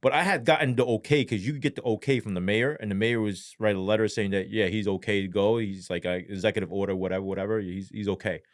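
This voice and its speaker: A man with a lowish voice tells his story as an interview guest, blunt and slangy, heavy on profanity. When he speaks of despair his voice turns low and halting. The recording is dry and close, with no room sound. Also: fairly even intonation, dry recording. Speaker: guest, former police sergeant.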